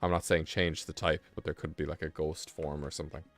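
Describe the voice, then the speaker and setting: A man's voice: extremely low pitch, level tone, fairly quick, soft background music. A man hosting a live stream, reading text aloud in a rambling, offhand way and breaking off for casual asides. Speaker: livestream host.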